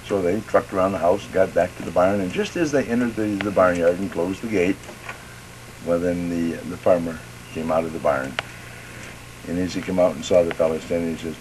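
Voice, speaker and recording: Low and brisk, this man's voice comes through poor audio with a slight hiss or hum. He drawls out a long folksy joke, voicing each character, and his storytelling rises and grows excited toward the end.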